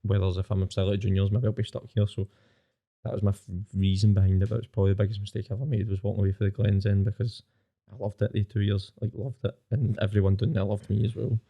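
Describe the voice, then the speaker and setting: A Scottish man in his twenties telling his own story candidly as a podcast guest, plain-spoken and rapid. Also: lowish voice, flat delivery, vocal fry, highs cut off.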